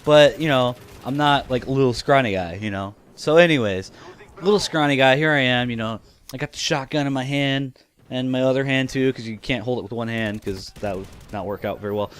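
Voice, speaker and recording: Young male vlogger in his twenties, mid-pitched, chatty and giggly storyteller. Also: fairly quick, a little hiss or hum. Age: 20s. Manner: chatty, laughs often, leans on "you know". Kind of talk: casual storytelling to camera.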